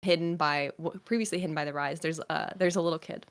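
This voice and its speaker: Woman, game master, tabletop narration, lowish voice, hesitant, filler-heavy. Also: steady tone, quick pace, smooth.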